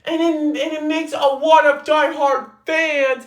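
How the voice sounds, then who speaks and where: A woman ranting in a movie review, angry, repeating herself and breaking into shouts. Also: sits high, little pitch movement, measured pace, hardly any pauses. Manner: repeats herself and restarts often.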